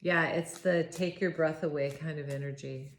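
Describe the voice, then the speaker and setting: A woman giving a spontaneous tarot reading, awed and halting, with frequent sighs and restarts. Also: low-pitched, steady tone. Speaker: tarot reader. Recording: roomy echo with faint noise.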